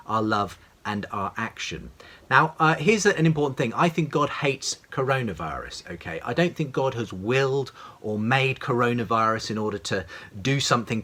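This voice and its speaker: A man's voice: mid-range voice, a bit bright, breathy edge. A man giving a prepared, earnest talk on faith as a podcast host, reflective with occasional fillers. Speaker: podcast host and radio presenter.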